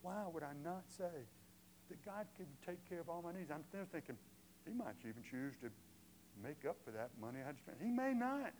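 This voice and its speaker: An older male pastor preaching a sermon in a conversational way, moving from quiet asides to emphatic questions. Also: sits high, a little hiss or hum, poor audio.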